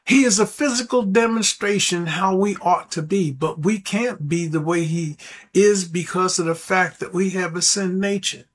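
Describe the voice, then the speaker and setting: High-voiced earnest male preacher. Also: moderate pace, slightly rough. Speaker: radio preacher. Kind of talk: sermon.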